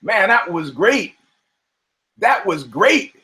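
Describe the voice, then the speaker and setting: A podcast host, a man whose voice sits a little on the high side. He talks in loose, profane banter, restarting sentences and breaking into laughter between phrases. It is unscripted, casual chat. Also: very animated, slow, sharp tone, low-quality recording.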